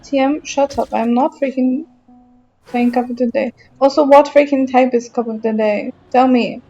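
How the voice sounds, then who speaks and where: High-voiced frustrated gamer woman streaming. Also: fairly even intonation, moderate pace, warm tone, lo-fi sound, soft background music. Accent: German. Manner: frustrated, chatty, reacting to chat while playing. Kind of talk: casual live-stream chat while gaming.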